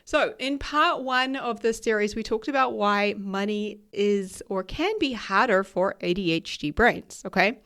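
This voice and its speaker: A woman hosts a solo podcast. Her voice is raspy and nasal as she recovers from losing it, and her casual chat is upbeat, often checking in with "right?". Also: medium pitch, unhurried, few pauses, a bit bright. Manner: chatty and upbeat, laughs often, uses "right?" and "okay?" as tags. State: recovering from lost voice. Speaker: podcast host and ADHD coach.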